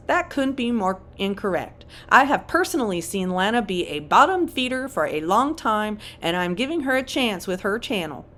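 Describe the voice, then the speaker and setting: A woman's voice: mid-range voice, a bit bright, natural voice. A woman putting on a rambling Southern commenter. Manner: rambling, put-on drawl.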